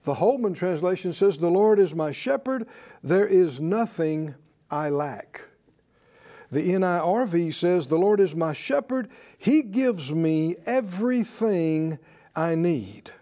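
A man's voice: high voice, animated, slow, mellow. A man preaching a sermon to a congregation, emphatic and leading them in call-and-response. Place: church service with congregation.

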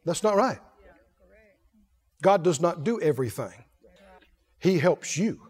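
A man preaching a sermon, asking the congregation question after question in a folksy, animated way. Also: a little high, slow pace, slightly rough. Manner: folksy, laughs between points. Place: church. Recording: echoey hall reverb.

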